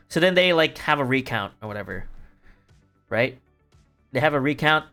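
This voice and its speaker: A man's voice: medium pitch, animated, moderate pace, long pauses, pushed and bright, smooth. A young adult man streaming from home, retelling a story in a rambling, casual way, swearing freely and laughing as he goes. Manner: rambling, swearing, laughing asides, many fillers. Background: faint music.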